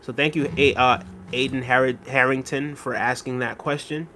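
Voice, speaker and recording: A man's voice: mid-range voice, steady tone, normal speed, pushed and bright, slight background noise. A man hosting a casual live stream, reading viewer comments aloud and thanking them by name. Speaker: livestream host reading chat.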